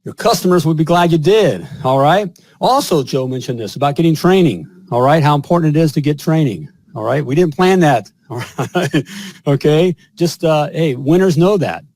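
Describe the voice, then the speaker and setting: A man's voice: fairly high pitch, expressive, moderate pace, darkish tone, no echo. A man hosting a live plumbing show, chatting with a guest and reading ads in a salesy, upbeat patter full of "all right?". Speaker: podcast host and plumbing business coach. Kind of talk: casual live-stream chat and ad read.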